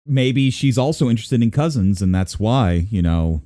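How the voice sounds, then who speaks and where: A man's voice: mid-range voice, lively intonation, moderate pace, warm tone, no echo, studio quality. A man hosting a podcast in casual banter, teasing and crude, laughing often. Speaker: podcast host.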